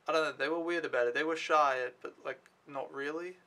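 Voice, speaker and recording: A man's voice: fairly high pitch, steady tone, fairly quick, sharp tone. A young man telling his day in a casual vlog, rambling and offhand, swearing freely. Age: young adult. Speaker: au pair vlogger.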